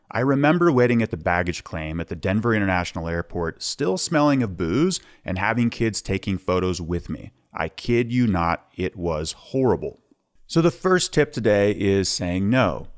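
A man hosting a podcast, talking candidly as he shares personal stories and practical tips. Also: low voice. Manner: candid, plain-spoken storyteller. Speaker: podcast host. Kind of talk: podcast monologue giving tips.

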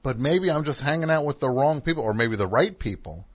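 A man's voice: medium pitch, animated, a little fast. A middle-aged man hosting a call-in radio show, telling rambling, wry, self-deprecating stories and chatting with callers. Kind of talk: casual monologue and call-in chat.

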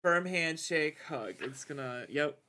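A man's voice: on the high side, lively intonation, measured pace, crowd noise. A man co-hosting a casual comedic chat, laid-back with short agreeing replies. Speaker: podcast co-host.

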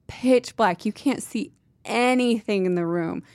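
A woman's voice: mid-range voice, measured pace, darkish tone, dry recording. A woman co-hosting a casual book-club chat, wry and sarcastic, swearing freely. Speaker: podcast co-host.

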